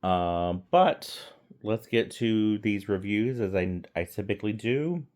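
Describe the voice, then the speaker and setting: A man's voice: fairly low pitch, slow pace, darkish tone. A man casually reviewing a romantic comedy in a rambling, laid-back way, with frequent fillers and small laughs. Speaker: movie reviewer. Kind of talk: casual film review vlog.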